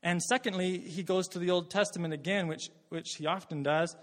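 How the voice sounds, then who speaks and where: A man's voice: high voice, steady tone, a little fast, in a large hall. A man from Canada preaching a sermon as pastor, conversational and earnest, often repeating words as he thinks aloud.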